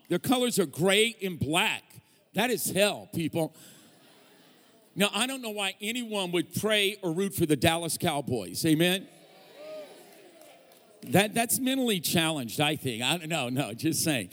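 A man's voice: high-pitched, big pitch swings, a little slow, pauses often, fairly bright tone. Joking male preacher in a reverberant church. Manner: joking, teasing banter with the congregation. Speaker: guest preacher. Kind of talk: sermon. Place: church sanctuary. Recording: long church hall reverb.

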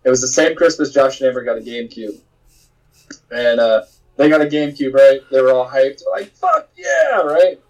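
A man's voice: medium pitch, fairly quick, lo-fi sound. A man hosting a casual podcast chat, telling a story with lots of swearing and laughter. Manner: profane, animated storytelling with laughs. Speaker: podcast host.

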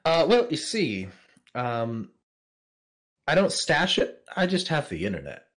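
A man with a lively, animated voice answers questions as a podcast guest. He hesitates with frequent fillers. He laughs often and drops dry jokes. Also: a little high, measured pace. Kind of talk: casual podcast chat.

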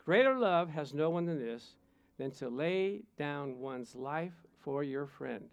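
High-voiced man preaching with playful stories. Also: lively intonation, slow, creaky, clean tone, dry recording. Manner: storytelling, playful, chuckles often. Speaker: pastor. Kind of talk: sermon with personal stories.

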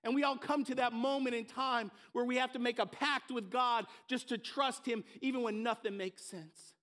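A man's voice: very high-pitched, steady tone, normal speed, a bit bright. A pastor giving a conversational, earnest sermon, often repeating words as he restarts a thought.

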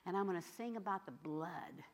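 A middle-aged woman preacher telling a story in a sermon, swinging from loud exclamations to hushed whispers. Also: on the low side, normal speed.

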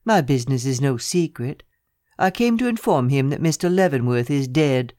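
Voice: normal speed, no room sound, studio quality, natural voice. A reader voicing a cool, businesslike young secretary. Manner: low, steady, businesslike delivery. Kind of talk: audiobook character reading.

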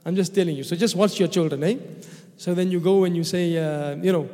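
A man's voice: sits high, fairly quick, mellow. A man with a South African accent giving a chatty, humorous Quran commentary in a mosque, telling stories and acting out dialogue. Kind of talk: sermon. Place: large mosque hall. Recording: long hall reverb.

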